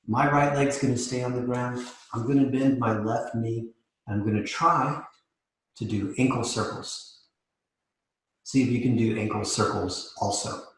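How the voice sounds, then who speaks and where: A man leading a live mobility class as yoga instructor, calmly cueing each step while demonstrating. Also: medium pitch. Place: yoga studio. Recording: echoey room.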